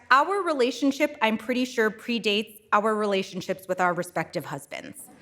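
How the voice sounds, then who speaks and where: A woman introducing a guest speaker at a museum lecture, reading a warm, admiring introduction from notes at a lectern microphone. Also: mid-range voice. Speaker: event host introducing a speaker. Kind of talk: prepared introduction speech. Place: museum auditorium.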